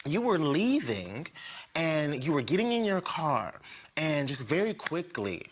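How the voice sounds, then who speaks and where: Animated male talk show host. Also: a little slow, husky. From South Carolina. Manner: animated, laughing, high squeals of excitement. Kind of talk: emotional storytelling.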